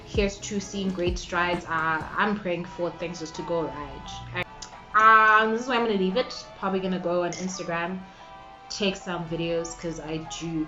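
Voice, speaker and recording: Here is a chatty woman in a casual get-ready-with-me vlog, with a slightly low voice. She sounds giggly and playfully full of herself. Faint music plays under her talk. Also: steady tone, moderate pace, low-quality recording. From South Africa. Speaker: YouTuber.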